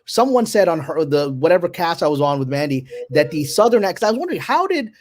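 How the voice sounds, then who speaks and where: 一位男性编剧作为嘉宾，在网络直播中轻松闲聊，讲话很快，爱讲故事，常用"right?"征求认同。. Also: male voice, a little high, sing-song. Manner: quick, chatty storyteller who asks "right?". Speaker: guest screenwriter. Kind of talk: casual chat on a livestream.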